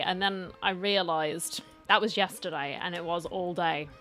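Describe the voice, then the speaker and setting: A woman's voice: fairly low pitch, normal speed, hardly any pauses, fairly bright tone, faint music behind. A woman streaming from home, chatting casually with her viewers and greeting them by name, a little tired from the heat. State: tired from heat and poor sleep. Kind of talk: casual live-stream chat.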